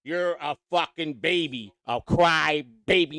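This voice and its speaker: A man's voice: fairly high pitch, slow, hardly any pauses, sharp tone, clean tone, dry recording. A man hosting a livestream, ranting angrily and mocking someone with lots of swearing. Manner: angry, mocking, repetitive. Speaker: livestream host. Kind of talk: profane livestream rant.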